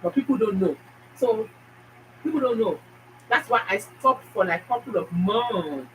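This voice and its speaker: A woman's voice: medium pitch, lively intonation, measured pace, fairly bright tone. Earnest woman giving advice. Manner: earnest, repeats key points. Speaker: food YouTuber. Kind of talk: casual advice talk. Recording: distant mic with faint noise.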